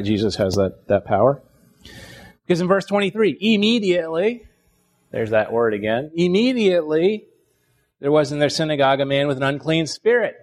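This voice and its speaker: Chatty man teaching a Bible lesson. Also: mid-range voice. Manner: conversational, many restarts and "right?" checks.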